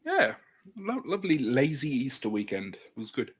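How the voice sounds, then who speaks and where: A man's voice: mid-range voice, moderate pace, husky. Tired, groaning man on a video call. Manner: groaning, animated. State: tired, yawning. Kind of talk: casual chat.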